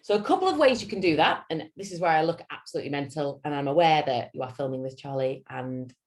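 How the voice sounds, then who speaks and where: Lively, theatrical Yorkshire woman coach. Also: sits low, quick pace. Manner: animated, theatrical and up-and-down. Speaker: public speaking coach. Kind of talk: lunch-and-learn training talk.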